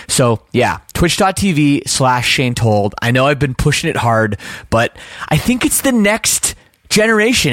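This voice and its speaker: A man's voice: on the high side, no echo. A young man with a Canadian accent, hosting a podcast in casual chat, upbeat and chatty while he plugs his channels. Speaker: podcast host.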